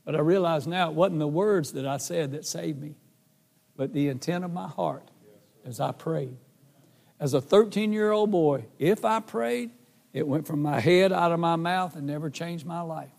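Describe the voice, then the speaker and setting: A man's voice: on the high side, normal speed, vocal fry, a little mellow, long reverb tail. A middle-aged man giving a heartfelt spoken testimony, telling his story earnestly and acting out his own prayers. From North Carolina. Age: 40s or older. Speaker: gospel singer giving testimony.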